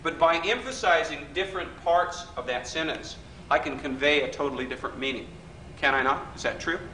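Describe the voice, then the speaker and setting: A man's voice: a little high, fairly quick, pushed and bright, far from the mic. A man leading a live workshop, talking conversationally and often checking whether the audience agrees. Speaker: workshop leader. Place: hotel function room. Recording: echoey room recording from afar, faint hiss.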